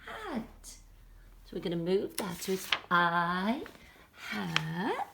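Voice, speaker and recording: A middle-aged woman with a Welsh accent, a primary school teacher giving a slow phonics lesson for young children at home, stretching out each sound. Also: lowish voice, lively intonation, vocal fry, noisy background. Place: home, filming alone.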